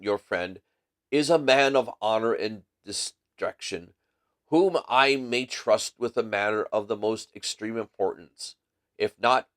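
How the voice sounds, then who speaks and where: A man's voice: on the low side, fairly bright tone. A man voicing a proud, secretive nobleman with a German accent, who speaks in a formal, guarded and commanding way. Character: towering masked male nobleman, proud and secretive.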